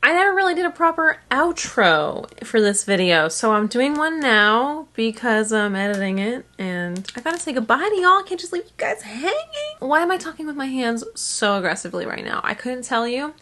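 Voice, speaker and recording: A woman's voice: fairly high pitch, big pitch swings, moderate pace, few pauses, sharp tone, a little hiss or hum. A young adult woman vlogging in a casual, rambling way, sounding tired. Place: home or small office room.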